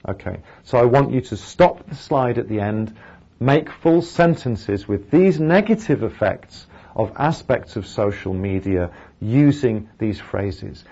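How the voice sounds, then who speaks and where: A man's voice: medium pitch, gravelly, darkish tone, breathy edge, lo-fi sound. A male English teacher gives a recorded lecture over slides, explaining each step and then modelling sample sentences aloud.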